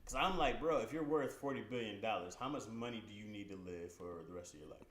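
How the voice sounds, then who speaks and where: A man's voice: medium pitch, fast, a bit bright. An opinionated young man in casual podcast chat, talking things through with lots of "like" in an echoey room. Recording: echoey room with faint hiss.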